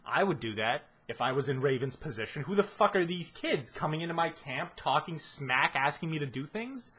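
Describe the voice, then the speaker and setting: A husky man with a somewhat high voice rants through a show analysis. He sounds exasperated and swears freely, pushing his points hard. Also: animated, moderate pace, fairly bright tone. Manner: exasperated ranting, heavy swearing. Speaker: video commentator.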